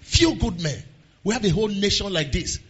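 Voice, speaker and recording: A man with a Nigerian accent preaching a sermon to his church, moving between quiet talk and shouted prayer. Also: sits high, expressive, normal speed, husky, muffled recording. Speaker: pastor. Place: church service.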